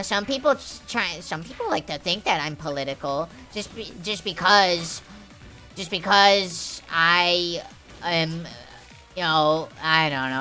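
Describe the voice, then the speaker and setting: A young woman rants at her stream chat in a bright, edgy voice that sits a bit low, swearing freely and trailing through fillers. Faint game music plays underneath. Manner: profane, heated, rambling with many fillers. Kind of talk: rambling live-stream chat.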